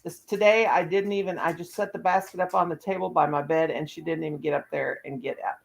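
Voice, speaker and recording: A woman's voice: lowish voice, fairly even intonation, quick pace, creaky, rough recording. An older woman chatting casually as a host, laughing often and cooing baby talk to her dogs. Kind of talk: casual chat.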